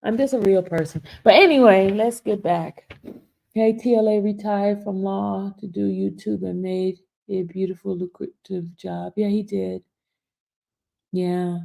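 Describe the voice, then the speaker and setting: A YouTube host chats casually on a live stream, reading viewer comments while she laughs through tears. Her medium-pitched voice is gravelly and mellow.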